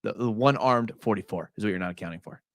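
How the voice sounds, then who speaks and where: A young man hosting a casual live stream. He breaks down game film in a chatty way, full of fillers, and gets excited as he talks. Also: fairly low pitch, fast, no echo, studio quality.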